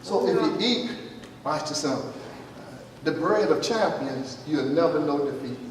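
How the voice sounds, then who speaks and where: A man's voice: a little high, lively intonation, measured pace, far from the mic. A man preaching a sermon as pastor, emphatic and conversational, calling out to the congregation. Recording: echoey hall, mic from afar, faint noise.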